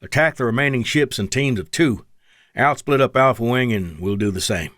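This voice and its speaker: A man's voice: on the low side, very animated, brisk, no room sound, clean studio sound. A man doing a drawling Texan colonel. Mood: urgent. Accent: East Texas drawl. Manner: urgent, clipped commands. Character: gruff male Air Force colonel, vengeful.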